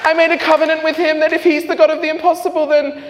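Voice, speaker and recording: A man voicing a mother who questions her son quickly and emphatically. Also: a little high, flat delivery, darkish tone, a faint crowd, pitched above the performer's own voice, close to an everyday voice. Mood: elated. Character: anxious, then overjoyed middle-aged mother. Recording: reverberant hall, faint noise.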